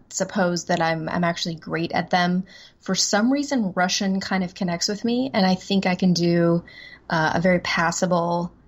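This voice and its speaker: A woman voice actress from the American South, chatting as a guest in a casual interview, self-deprecating and quick to laugh. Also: lowish voice, highs cut off. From Southern United States.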